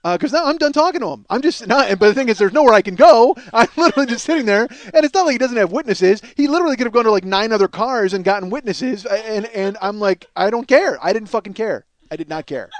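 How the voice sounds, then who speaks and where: A man with a strikingly high voice tells a comic road-rage tale as a podcast host. He rambles, swears constantly and laughs at his own bad behavior in a self-mocking way. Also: animated, fast talker, hardly any pauses, no room sound. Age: 40s. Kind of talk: comedic storytelling monologue.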